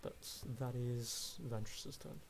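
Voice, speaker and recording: A man narrating a tabletop game as game master, describing the action in slow, measured, vivid detail. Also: mid-range voice, steady tone, slight background noise.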